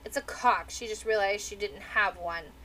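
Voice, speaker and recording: A woman's voice: mid-range voice, normal speed, a bit bright, slight background noise, close to an everyday voice, poor audio. A woman voicing a bawdy, bleary-eyed young maiden midwife in a storybook reading, crude and mocking.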